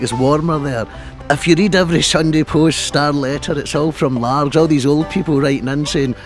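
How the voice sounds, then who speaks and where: A man's voice: mid-range voice, close to an everyday voice. A man doing a comic impression of a Scottish comedian, rambling through absurd jokes in a Scottish accent. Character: impression of a famous Scottish comedian touring Scotland.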